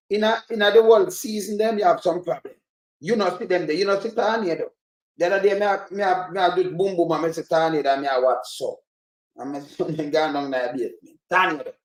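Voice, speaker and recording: A man with a Jamaican accent giving loose, animated reaction commentary on a clip, rambling and swearing as he goes. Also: high voice. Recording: roomy echo.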